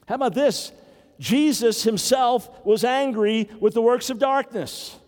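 A man's voice: very high-pitched, measured pace, a little mellow, long reverb tail. An older man, a grandfather, preaching a sermon earnestly with wry humor. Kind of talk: sermon teaching.

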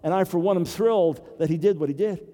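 A man's voice: high voice, fast, mellow, in a large hall. An older man, a grandfather, preaching a sermon earnestly with wry humor. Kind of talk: sermon teaching.

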